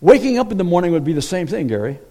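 Male pastor mid-sermon: a lively, high-ish voice that drops to a near hush and climbs to forceful emphasis. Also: rapid-fire. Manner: swings from hushed storytelling to loud emphatic preaching.

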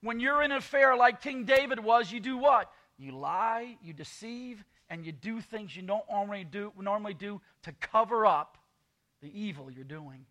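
A man's voice: high-pitched, normal speed, sharp tone. A man preaching a sermon as pastor, with sarcastic asides and quoted scripture.

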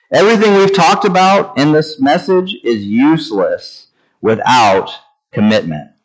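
Man preaching with deliberate word-by-word emphasis. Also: mid-range voice, low-quality recording. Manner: slow deliberate emphasis on each word, varied delivery. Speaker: pastor. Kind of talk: sermon.

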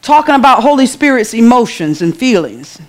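A woman's voice: on the high side, big pitch swings, normal speed. A woman, preaching a sermon in a church in a conversational way, calling out to the congregation.

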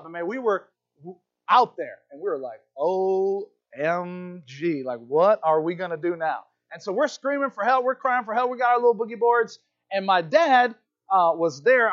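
A man preaching a sermon, telling personal stories in an animated way and acting out the voices of the people in them. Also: high-pitched. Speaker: pastor. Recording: dull, muffled sound.

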